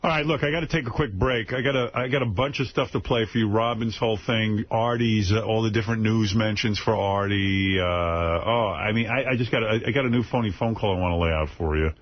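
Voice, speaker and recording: A man's voice: lowish voice, brisk, few pauses. A man hosting a radio talk show while getting over a cold, interjecting dryly. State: has a cold. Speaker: radio host. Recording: dull lo-fi radio broadcast sound.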